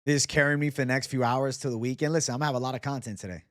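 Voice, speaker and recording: A young male livestream host goes through viewer comments, talking loosely with heavy swearing and bro-talk. His mid-range, slightly bright voice is rapid-fire with fairly even intonation, recorded clean in a studio with no room sound.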